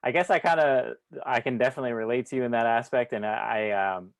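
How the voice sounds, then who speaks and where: A man's voice: medium pitch, quick pace, dry recording. A man hosting a podcast interview, talking in a laid-back, encouraging way with casual swearing. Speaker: podcast host.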